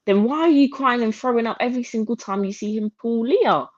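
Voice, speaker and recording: A woman's voice: fairly high pitch, fairly quick, hardly any pauses, dry recording. A woman co-hosting a podcast, giving casual reality-TV commentary in an incredulous tone and quoting people in mocking voices. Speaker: podcast co-host. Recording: slightly dull, lo-fi audio.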